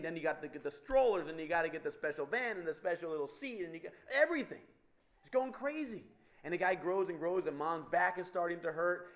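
Lively high-voiced man telling funny stories. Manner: animated, acting out voices of the people in his stories. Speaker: speaker addressing an audience. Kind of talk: humorous storytelling talk.

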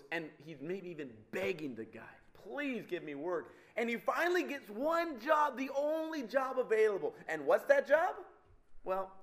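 A man preaching a sermon to a live audience, animated and teasing, swinging between loud and soft. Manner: animated, wide swings in pitch and loudness, teasing the crowd.

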